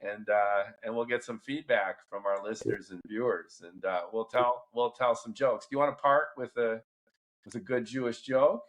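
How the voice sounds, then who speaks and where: Enthusiastic male podcast host, casual interview chat, mid-pitched voice. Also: fairly even intonation, normal speed. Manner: effusive, enthusiastic.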